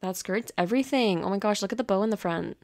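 A woman hosting her gaming channel in casual commentary, gushing and excitable as she talks to the horses in her game. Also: medium pitch, fast talker.

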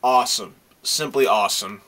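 A man's voice: medium pitch, normal speed, pushed and bright. A man reviewing comic books in a casual video, gushing with praise and swearing freely as he talks. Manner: gushing praise, repeats himself.

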